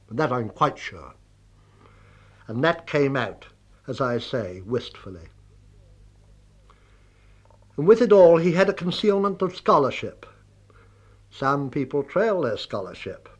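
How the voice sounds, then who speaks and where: A man recalling an old friend in a measured, wry anecdotal way. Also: mid-range voice. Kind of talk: spoken reminiscence.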